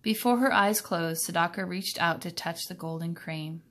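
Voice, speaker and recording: Woman, reading a children's book aloud, calm even tone, lowish voice. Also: moderate pace. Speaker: reader.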